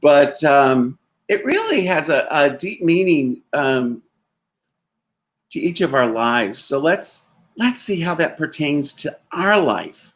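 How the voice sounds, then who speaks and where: A man's voice: a little high, big pitch swings, slow. A man giving a sermon as a minister, telling a story conversationally and laughing now and then.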